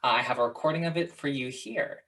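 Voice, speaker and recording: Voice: mid-range voice, fast talker, fairly bright tone, recorded from a distance. An adult religious education director speaking in a friendly, upbeat way to a congregation over a video call. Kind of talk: addressing a congregation.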